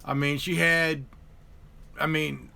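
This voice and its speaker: A man's voice: on the high side, flat delivery, slow, gravelly, pushed and bright, clear, resonant tone. A man hosting a live stream, chatting casually about politics and stumbling over repeated words and restarts.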